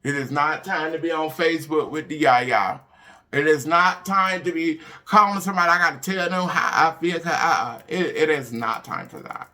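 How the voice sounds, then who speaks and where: A woman, hosting a casual motivational talk for her viewers, animated and emphatic, swinging between loud bursts and hushed asides. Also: sits low, normal speed. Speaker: online show host.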